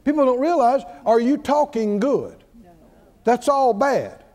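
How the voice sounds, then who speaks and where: A man's voice: extremely high pitch, expressive, a little slow, a little mellow, in a large hall. A man preaching a sermon, drawing call-and-response from the congregation with emphatic, repeated lines.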